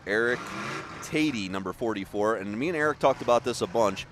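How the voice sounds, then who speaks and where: Over a noisy background, a man with a lowish, expressive voice calls a demolition derby live, speaking a little fast. His play-by-play names drivers and stays chatty, full of jokes and frequent laughter.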